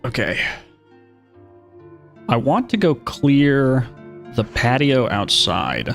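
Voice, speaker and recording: A man streams a horror video game, chatting casually and narrating his own moves with wry asides. His mid-range voice is creaky, swings hugely in pitch, and moves slowly, with faint music in the background.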